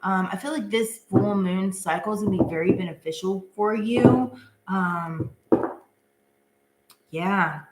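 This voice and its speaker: A woman's voice: mid-range voice, measured pace, pauses often, roomy sound, heavy background noise. A woman doing a live-stream tarot reading in a chatty, casual way, full of filler words and giggles. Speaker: tarot reader.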